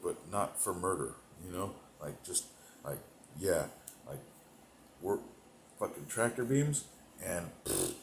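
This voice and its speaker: A man delivering a rambling, profane comedic monologue, meandering between thoughts, laughing to himself, and swinging between loud bursts and mumbled asides. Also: low-pitched, reverberant, slight background noise, poor audio. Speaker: comedic performer.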